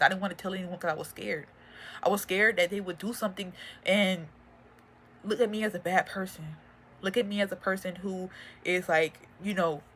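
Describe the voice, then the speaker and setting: A young woman giving a personal testimony, earnest and halting with many fillers and restarts, audibly emotional. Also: on the low side, a bit bright. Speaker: faith and motivation vlogger.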